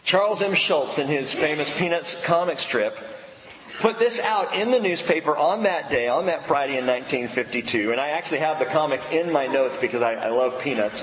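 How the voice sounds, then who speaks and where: A man preaching a sermon in a church, emphatic, pausing dramatically on key words. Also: a little high, fairly bright tone, slight background noise. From United States. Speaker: pastor. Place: church sanctuary. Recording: echoey hall with long reverb.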